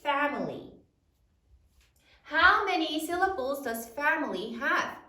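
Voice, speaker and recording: A woman teacher giving a spelling lesson, sounding out each word slowly and clearly for her students. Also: high voice, sing-song, pushed and bright. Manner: slow, drawn-out dictation, sounding out words. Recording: echoey room, mic at a distance.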